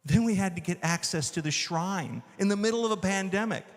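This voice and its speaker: A man's voice: sits high, expressive, a little fast. Enthusiastic man telling stories in a hall. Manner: enthusiastic, acts out dialogue. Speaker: filmmaker addressing an audience. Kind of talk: animated storytelling talk.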